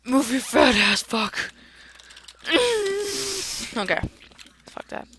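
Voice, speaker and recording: A woman hosting a let's-play video, swearing and shouting in excitable outbursts as she plays. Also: fairly high pitch, drawn-out words, husky. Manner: loud, profane, excitable outbursts. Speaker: gaming channel host.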